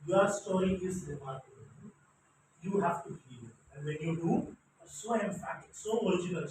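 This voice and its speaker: Brief: high-pitched Tamil-accented Indian man in his thirties, animated storyteller, heard from afar in a booming hall. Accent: Tamil-influenced Indian English. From Chennai, India. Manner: animated, acts out cheering crowds and races, chuckles often. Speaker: Toastmasters speaker. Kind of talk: storytelling motivational speech. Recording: echoey hall, distant mic, faint hiss.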